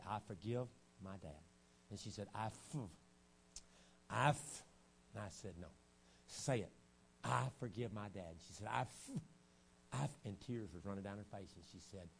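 A man preaching a revival sermon, dropping to a low, hushed storytelling voice and then rising to loud, shouted preaching. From United States. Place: church sanctuary. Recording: archived church recording with faint hum.

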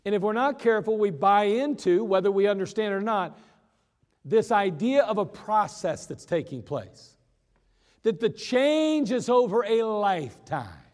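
A man preaching a sermon in a folksy, joking way, slowing down for emphasis. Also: high-pitched, very animated, a little mellow, long reverb tail. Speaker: pastor.

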